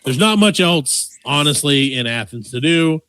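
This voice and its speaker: Brief: man, thirties, comedy podcast co-host, somewhat high voice, dry close sound, profane and animated storyteller. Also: moderate pace, clean tone, no room sound. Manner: profane, animated, acts out quotes.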